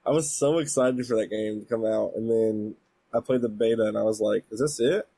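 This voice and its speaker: Husky, low-voiced man on a podcast. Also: steady tone, mellow, no room sound. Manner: laid-back, quick to laugh. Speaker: podcast co-host. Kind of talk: casual chat.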